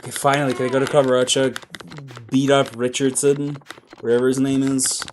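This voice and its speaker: A man's voice: medium pitch, little pitch movement, brisk, background noise. Exasperated, swearing gamer man. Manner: exasperated, swears often, breaks into loud outbursts. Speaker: streamer. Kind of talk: casual gameplay commentary.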